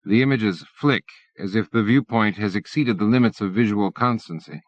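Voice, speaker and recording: A man reading an audiobook in measured scripted narration. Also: fairly low pitch, no echo. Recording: dull dry lo-fi cassette.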